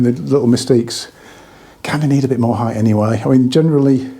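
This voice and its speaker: Chatty hi-fi dealer, husky and mellow, breathless, rambling. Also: male voice, medium pitch. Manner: rambling, chatty, many restarts. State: slightly out of breath. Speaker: hi-fi dealer reviewing products. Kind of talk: casual product review.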